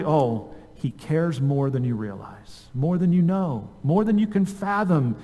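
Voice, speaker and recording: A man preaching from the pulpit, his voice pitched a little high for a man and carried by the long reverb of a church sanctuary. He asks the congregation question after question and lets key phrases fall quiet and slow. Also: expressive. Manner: earnest preaching, rhetorical questions, drops soft on key words. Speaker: pastor. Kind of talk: sermon.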